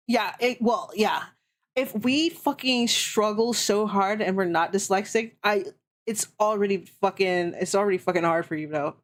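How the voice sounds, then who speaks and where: A woman streaming, chatting casually and ranting with heavy swearing. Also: mid-range voice. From Canada. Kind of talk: casual chat.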